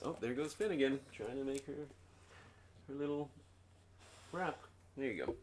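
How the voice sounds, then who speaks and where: A man's voice: on the high side, animated, moderate pace, pauses often, a bit bright. A man streaming from home, chatting casually with viewers and his dog, laughing often, and reading a book aloud. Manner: chatty and giggly, talks to chat and his dog.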